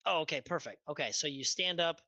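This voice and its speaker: A man's voice: a little high, fairly quick, sharp tone, dry recording, poor audio. A man narrating as game master of a tabletop game, hesitant and full of fillers.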